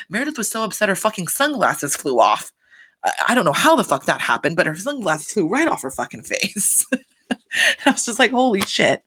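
A woman's voice: mid-range voice, brisk. A woman in a casual recap chat, swearing a lot and filling her talk with "like," acting out quotes with laughs. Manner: profane, filler-heavy with constant "like"; animated, acts out quotes with laughter. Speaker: reality show recapper.

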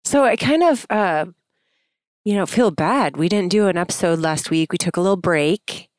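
A woman's voice: on the low side, expressive, moderate pace, no echo. A woman co-hosting a podcast, chatty and teasing in casual conversation. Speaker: podcast co-host. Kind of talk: casual chat.

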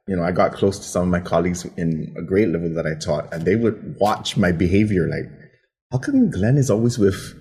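Male co-host, husky and low, lively storyteller who slips into quoted voices. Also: brisk, few pauses. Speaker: podcast co-host and teacher. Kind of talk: casual chat, storytelling.

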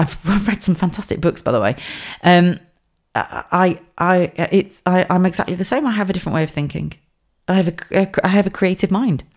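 Chatty woman with a low voice. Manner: chatty and animated, frequent laughs and restarts. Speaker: podcast host. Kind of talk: casual monologue podcast.

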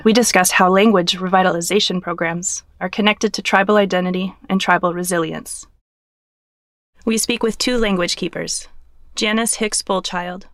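A woman host reads a scripted podcast introduction in a lowish voice. Her delivery is clear and even. The sound is dry and close, with no room echo.

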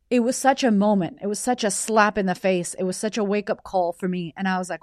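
A woman's voice: medium pitch, brisk, hardly any pauses, darkish tone, no room sound, studio quality. A woman hosting her own show, telling a personal story in a raw, emotional way with plenty of swearing. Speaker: podcast host.

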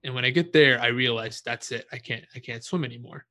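A young man with a bright, forward voice tells a story in an easygoing, unhurried way. He swears freely and laughs at his own mishaps, like a guest on a chatty podcast. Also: mid-range voice. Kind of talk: casual storytelling.

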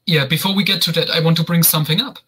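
Male co-host, raised pitch, wry asides, casual review chat. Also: steady tone, very fast, pushed and bright, slightly rough, low-quality recording. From Germany. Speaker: podcast co-host.

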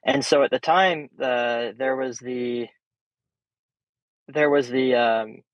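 A young man guesting on a podcast, telling stories in a casual, animated way and swearing freely. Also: mid-range voice, takes it slowly, no echo. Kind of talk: casual storytelling chat. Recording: dull, slightly muffled sound.

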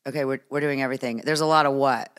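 An American woman in her fifties, a comedian, hosts a casual podcast with her daughter, playful and laughing often. She has a bass voice and a steady tone, and she talks rapid-fire.

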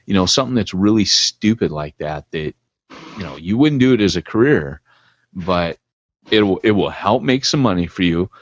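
Deep-voiced blunt male podcast co-host. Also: lively intonation, normal speed, no room sound. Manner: blunt and emphatic. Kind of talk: casual podcast chat. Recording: dull lo-fi podcast audio.

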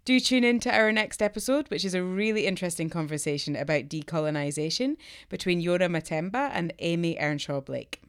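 A woman co-hosting a podcast, reading the outro in a friendly, clear way. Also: on the low side, animated, a little fast. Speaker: podcast co-host.

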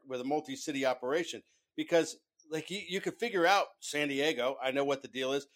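A man with a somewhat high voice on a podcast, wryly steering the talk with questions for his co-hosts. His delivery is relaxed and conversational. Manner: asks follow-up questions, wry. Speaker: podcast co-host.

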